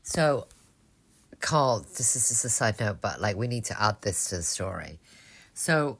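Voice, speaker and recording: A woman's voice: a bass voice, expressive, measured pace, breathy edge. A young woman co-hosting a podcast, telling a rambling story in casual chat, frank and swearing often. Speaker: podcast co-host.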